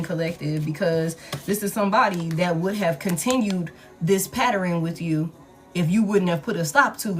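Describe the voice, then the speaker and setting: Blunt, profane woman tarot reader. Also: mid-range voice. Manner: blunt, profane, emphatic repetition. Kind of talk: casual tarot reading monologue.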